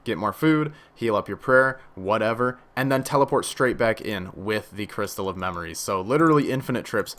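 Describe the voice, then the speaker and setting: A young man casually commenting on his own gameplay, chatty, dropping into low mutters and then bursting out excitedly. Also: brisk, few pauses. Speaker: gaming channel host.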